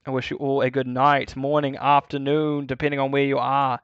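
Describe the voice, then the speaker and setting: A man commentates a live esports match by himself in a chatty, easygoing way, often correcting himself mid-sentence and pausing to explain the game's mechanics for viewers. His voice sits at a middling pitch. The recording is dry and close, with no room sound. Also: little pitch movement, fairly bright tone, smooth, no room sound, dull audio. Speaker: esports caster. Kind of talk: solo live game commentary.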